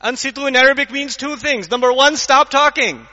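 A man delivers a lively religious lecture in a very high, bright voice. He acts out little scenes and keeps asking the audience questions. The recording is dull and lo-fi. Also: fairly quick, long reverb tail. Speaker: Islamic lecturer.

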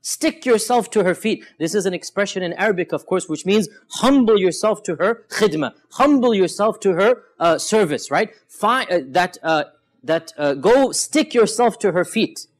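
A man preaching a Ramadan sermon, retelling hadith stories with animated emphasis, drawing out key phrases and dropping in quick Arabic quotes. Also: sits high. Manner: switches between quick Arabic quotes and drawn-out emphatic English; many fillers and restarts, animated storytelling.

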